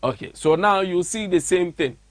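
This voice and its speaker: A man's voice: sits high, normal speed, no echo. A man with a Ghanaian accent hosting a radio show, reading a letter aloud and interjecting with mocking commentary. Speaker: radio host. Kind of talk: commentary mixing English and Twi. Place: radio studio.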